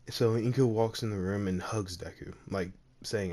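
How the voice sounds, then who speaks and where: Rambling young man with a gravelly voice. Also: on the low side, measured pace, few pauses, warm tone, a little hiss or hum. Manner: rambling, full of "like" and "you know". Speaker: storyteller. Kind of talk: casual fan-fiction retelling.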